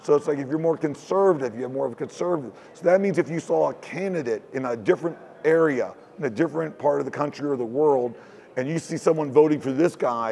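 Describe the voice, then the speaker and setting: Gravelly man, rambling talk. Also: fairly high pitch, fast talker, dark tone. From Houston, Texas. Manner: rambling, looping phrasing with frequent "it's like". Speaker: guest. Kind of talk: casual conversational interview. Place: hacker convention floor.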